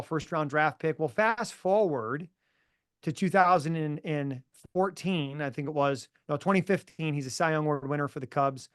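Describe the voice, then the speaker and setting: Energetic, emphatic male coach. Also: a little high, clear, resonant tone, dry recording, studio quality. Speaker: mental performance coach, podcast guest. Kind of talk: casual interview storytelling.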